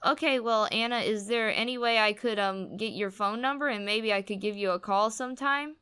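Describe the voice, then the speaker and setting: A nervous, fidgety young man stumbles through his questions with hesitant eagerness, as a woman reads him aloud. The voice rings bright and clean. It is a blog post read out loud. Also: on the high side, brisk, clean tone. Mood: awkward hopeful.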